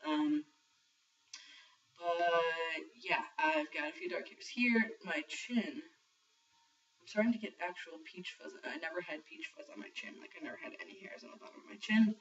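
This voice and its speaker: Speaking at normal speed in a slightly high, fairly bright voice, a young trans man vlogs his transition diary in a rambling, casual way with many ums and occasional swearing. A built-in camera mic captures distant, muffled, lo-fi sound.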